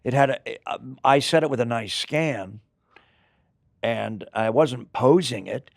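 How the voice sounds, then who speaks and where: An older man, an actor being interviewed, telling rambling, animated stories in casual chat. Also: mid-range voice, measured pace, creaky, no room sound, studio quality. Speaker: actor guest.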